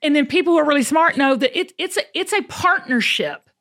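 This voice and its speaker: Woman host, high voice, emphatic and preachy, casual chat. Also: fairly quick. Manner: animated, preachy and emphatic, acts out quotes. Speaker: podcast host.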